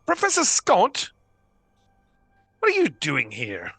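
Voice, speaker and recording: A man's voice: mid-range voice, sing-song, moderate pace, sharp tone, dry recording, soft background music, heavily acted. A man voicing Valian, an adventurer woman who is startled to find an old acquaintance, in a tabletop game. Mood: startled, questioning. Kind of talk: tabletop role-play voice.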